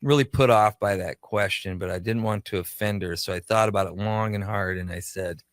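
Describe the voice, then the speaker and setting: A man's voice: fairly low pitch, brisk, no echo. A man from Minnesota, a radio show creator and guest, telling anecdotes casually in a studio and acting out the dialogue. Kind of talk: casual storytelling.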